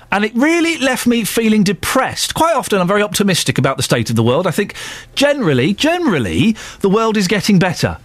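A male radio presenter in a dry studio, his voice pitched a little high and swinging widely as he banters. He teases his co-host and drifts easily into asides. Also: no room sound. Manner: teasing, lively banter with asides. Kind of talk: casual radio chat. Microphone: studio microphone.

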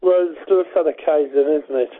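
A Brummie man co-hosting a radio show from the end of a phone line. His voice sits high and he speaks plainly and matter-of-factly. The sound comes through a narrow, tinny phone connection. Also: brisk. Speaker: radio co-host.

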